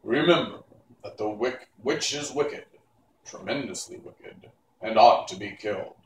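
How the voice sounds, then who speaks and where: A man reading aloud and voicing a stern giant magic head that gives slow, loud commands. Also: lowish voice, roomy sound, far from the mic, slight background noise, low-quality recording. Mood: stern commanding.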